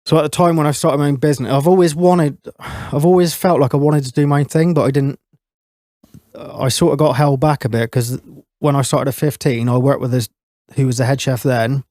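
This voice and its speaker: A man's voice: medium pitch, fairly quick, no room sound. Thirty-something guy telling stories on a podcast, laughs a lot, swears loads, dry close mic. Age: 30s. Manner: laughs often, swears freely, animated anecdotes. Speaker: podcast guest, chef. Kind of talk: casual chat, storytelling.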